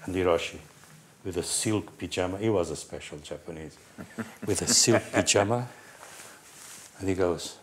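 Older Portuguese man, low voice, telling stories. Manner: animated, halting, with restarts and quoted voices. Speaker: guest storyteller, former racing team manager. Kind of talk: casual anecdote telling.

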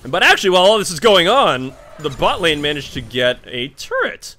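A man talks over his own game in a high, bright voice that leaps all over its range. He mutters one moment and yells the next, swearing and laughing at his bad luck. A faint hiss sits under the desk-mic recording. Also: brisk, hardly any pauses. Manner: excitable, swings from muttering to yelling. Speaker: gaming YouTuber. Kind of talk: live gameplay commentary.

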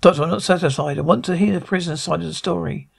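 A man's voice: fairly high pitch, gravelly, breathy edge, full character voice. A man reading as an indignant old time traveller. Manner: stumbling, halting reading.

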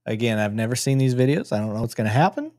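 A man's voice: medium pitch, lively intonation, fast talker, a little mellow, dry recording. Joking male live-stream host, dry sound. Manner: casual, joking, swears freely. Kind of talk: live reaction commentary.

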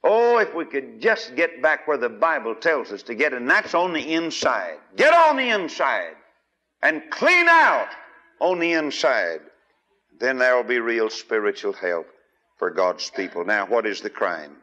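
A man preaching a sermon, emphatic and questioning his listeners, with big swings in loudness. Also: mid-range voice, lively intonation, unhurried. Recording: dull lo-fi archive recording.

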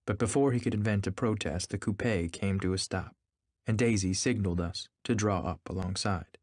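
Male reader, lowish voice, measured novel reading, dry mic. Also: no echo.

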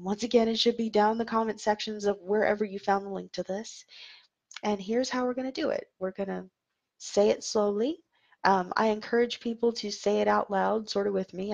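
A woman's voice: mid-range voice, gravelly, a little mellow, dull audio. A woman leading an online meditation livestream, talking earnestly and conversationally, with fillers and restarts. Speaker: meditation leader. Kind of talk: livestreamed dharma talk and guided chant.

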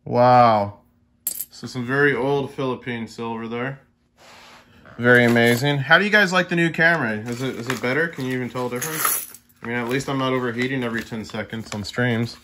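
A man's voice: mid-range voice, fairly quick, pushed and bright, slight background noise. A young man in casual chat with his viewers, easily amazed and talking to them directly as he sorts through coins. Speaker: coin collecting vlogger.

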